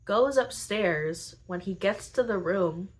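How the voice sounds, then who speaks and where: A woman's voice: mid-range voice, animated, rough recording. A woman hosting a podcast, casually summarizing story plots in a chatty way with lots of asides. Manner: chatty, retells plots with filler "like" and quick asides. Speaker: podcast host.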